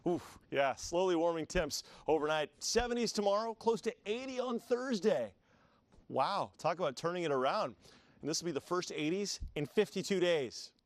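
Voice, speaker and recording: A man delivering a live TV weather forecast in a chatty, upbeat way, with easy asides to his colleagues. His voice sits a little high for a man. The studio sound is dry and close. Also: expressive, normal speed, no echo. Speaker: TV meteorologist.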